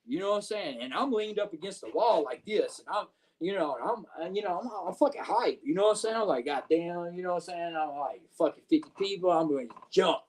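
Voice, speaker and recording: A man's voice: sits high, animated, brisk. A man, a wrestler guest, telling a story in casual, profane speech with lots of fillers, over a video call.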